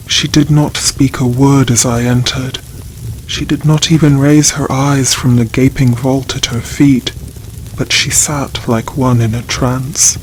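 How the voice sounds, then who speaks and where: A man narrating a gothic horror story for sleep audio in a measured, even reading. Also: medium pitch, a little hiss or hum, low-quality recording.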